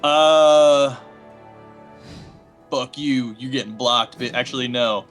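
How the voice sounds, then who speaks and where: A man's voice: medium pitch, slow pace, fairly bright tone, soft background music. A young man chatting casually while playing a card game, rambling and trailing off, with the odd curse. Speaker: player.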